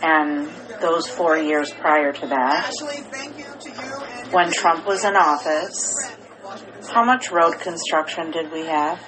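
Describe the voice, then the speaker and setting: Female podcast co-host, low-pitched, explains plainly, crowd noise in the background. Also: slow pace, low-quality recording. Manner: explaining in plain terms, asking leading questions. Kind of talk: casual chat.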